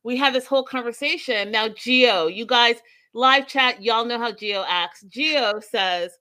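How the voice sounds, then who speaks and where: A woman co-hosting a podcast, chatting casually and telling lively stories with asides to the live chat. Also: fairly high pitch, no room sound. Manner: animated storytelling, quick asides to live chat. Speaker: podcast co-host.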